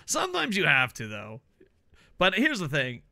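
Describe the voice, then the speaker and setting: A man co-hosting a wrestling podcast in casual chat, animated and jokey, laughing often. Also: a little high, moderate pace. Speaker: podcast co-host.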